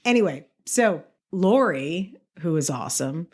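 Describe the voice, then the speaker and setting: Woman from New York, fairly low voice, lively podcast storyteller, quick to laugh. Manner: lively, laughs often while telling stories. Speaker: podcast co-host. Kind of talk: casual storytelling chat.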